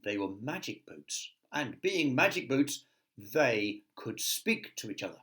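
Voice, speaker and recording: Lively male teacher reading a storybook. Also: mid-range voice, measured pace. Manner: lively, chatty asides to the listeners. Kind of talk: reading a picture book aloud to children.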